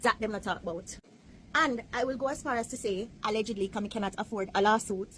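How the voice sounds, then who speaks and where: A woman from Jamaica with a Jamaican accent, telling a history story in chatty patois with lively asides. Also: mid-range voice, fast, slight background noise, poor audio. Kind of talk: casual storytelling to camera.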